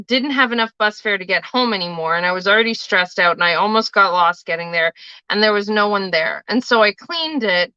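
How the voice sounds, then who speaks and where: A woman talks off the cuff on a livestream, drifting from story to story and tossing in the odd swear word. Her voice is bright and forward. The sound is dry and a little dull, like a lo-fi stream. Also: medium pitch, clear, resonant tone, no room sound. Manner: rambling, chatty storytelling with casual swearing. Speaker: livestream host and tarot reader. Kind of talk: casual live-stream chat.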